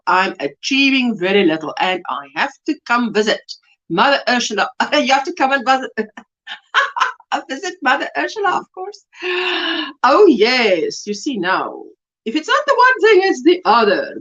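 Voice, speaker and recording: Lively woman hosting a livestream. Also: fairly high pitch, dull audio. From South Africa. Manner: chatty, greets viewers by name, laughs often. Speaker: crochet livestream host. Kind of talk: casual live-stream chat. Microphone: webcam.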